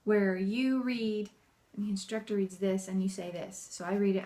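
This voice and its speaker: Speaking at a moderate pace in a mid-range voice, this mom chats to the camera about homeschooling. Animated and laughing often, she acts out the cheerful and bossy voices she uses with her kids.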